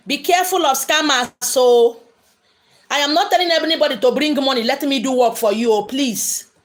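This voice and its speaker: Answering viewer questions during an indoor spiritual livestream, the female host speaks in a high-pitched voice at a moderate pace. She comes across as emphatic and preachy, repeating lines for emphasis.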